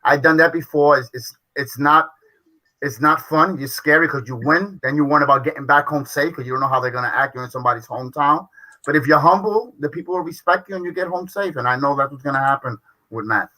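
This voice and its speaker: A man's voice: fairly high pitch, fast talker, sharp tone, low-quality recording. A man and retired kickboxing champion, chatting in a rambling, earnest way. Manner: rambling, earnest, name-dropping. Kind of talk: casual chat on a video call show.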